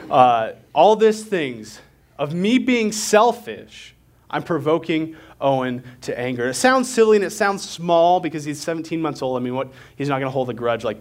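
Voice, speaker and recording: A young man preaching a sermon in a conversational, candid way, with self-deprecating asides. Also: on the high side.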